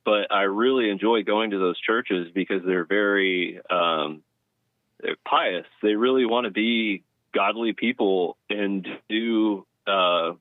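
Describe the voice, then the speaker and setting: A man from North Texas calling in to a talk show, speaking in an unhurried, hesitant way with many pauses. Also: on the low side, no echo. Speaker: caller. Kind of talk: casual call-in chat. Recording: tinny phone line.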